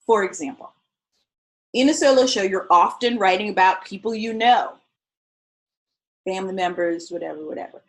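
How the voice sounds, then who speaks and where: A woman teaching solo performance in a live-streamed talk to viewers. She is expressive and conversational, swinging between loud and soft and often checking in with "okay?" and "right?". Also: mid-range voice, moderate pace, pauses often, poor audio.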